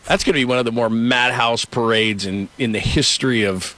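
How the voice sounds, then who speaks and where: A middle-aged man hosting casual sports talk who tells stories in an animated way. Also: mid-range voice, a little fast. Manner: storytelling, animated.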